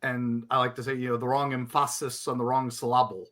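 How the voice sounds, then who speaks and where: A man's voice: medium pitch, flat delivery, brisk, fairly bright tone. A man co-hosting a podcast, chatting casually and animatedly, acting out other people's reactions as he tells a story.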